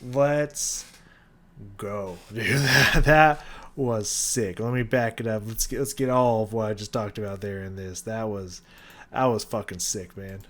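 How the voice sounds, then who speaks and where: An excited young man talks through a song's vocals, humming out rhythms as he goes. His voice sits a little low, and he keeps it casual with plenty of fillers. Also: normal speed, a crowd in the background. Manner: enthusiastic, scats rhythms, many fillers. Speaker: music reaction host. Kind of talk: casual music analysis.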